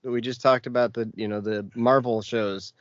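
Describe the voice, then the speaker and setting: A man's voice: mid-range voice, steady tone, moderate pace, no room sound, highs cut off. A man co-hosting a podcast in casual chat, making short, laid-back, dry remarks. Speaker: podcast co-host.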